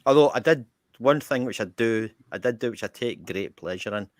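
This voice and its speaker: A man with a broad Scottish accent casually telling an anecdote on a podcast, animated and swearing freely. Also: mid-range voice, moderate pace, dry recording, studio quality. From Scotland. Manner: animated, swears freely, jumps into quoted voices. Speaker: podcast co-host.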